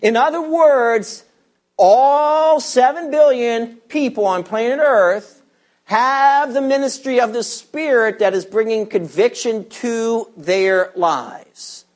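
A man preaching a sermon, teaching verse by verse and asking his listeners rhetorical questions with strong emphasis. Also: very high voice. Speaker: pastor.

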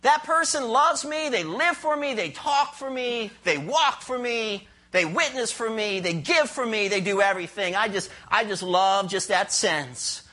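A male pastor voicing God as a pleased, loving spirit in warm, delighted praise. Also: high-pitched, unhurried, few pauses, heavily acted.

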